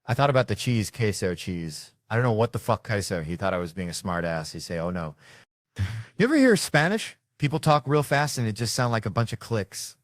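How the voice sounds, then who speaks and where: A male comedian tells a story with lots of swearing and acted-out dialogue. His voice sits fairly low. The sound is dry and close. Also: fairly quick, few pauses, no room sound. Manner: animated, profane, acts out dialogue. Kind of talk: comic storytelling.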